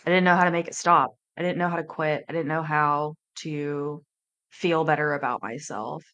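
A woman in her thirties, a life coach hosting a podcast, telling her personal story in a candid, emotional, halting way. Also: low-pitched, steady tone, fairly bright tone.

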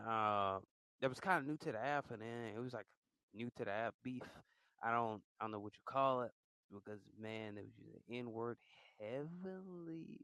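A man at a middle pitch talks through his podcast recap in a loose, repetitive way, circling back to the same points again and again. His voice sounds close and dry, with no room around it. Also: dry recording, rough recording. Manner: repetitive, loose, animated storytelling. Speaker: podcast host. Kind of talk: casual rambling recap.

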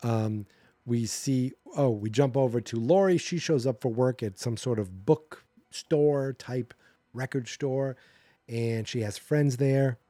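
A man's voice: mid-range voice, slow pace, warm tone, no echo. Sarcastic, rambling male podcast host. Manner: sarcastic, rambling, acts out character quotes. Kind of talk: casual movie recap.

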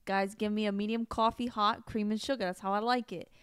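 A woman's voice: mid-range voice, fairly even intonation, clean tone, no echo, studio quality, close to an everyday voice. A woman putting on a Long Island accent, playing a pushy, chatty local. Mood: brash. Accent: put-on Long Island. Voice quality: loud, fast, brassy.

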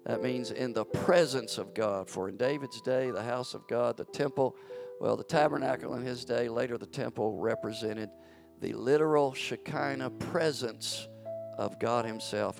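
A man's voice: mid-range voice, normal speed, gravelly. A pastor preaching a sermon in a church, stretching out words for emphasis as his fervor builds. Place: church sanctuary. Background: soft background music.

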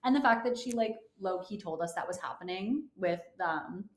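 A young woman co-hosting a podcast in casual chat, gushing and gasping with excitement. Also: lowish voice, normal speed. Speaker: podcast co-host.

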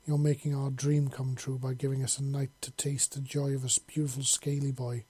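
Man voicing a soft-purring alien woman. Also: medium pitch, flat delivery, a little fast, husky, dry recording, natural voice. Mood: soft, tender. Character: gentle alien woman with mandibles and tusks.

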